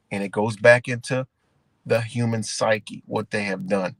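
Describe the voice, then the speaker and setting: A man hosting a livestream, ranting in a rambling, profane, animated way and calling his viewers guys. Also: fairly low pitch, unhurried, no echo. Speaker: livestream host. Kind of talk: casual livestream rant.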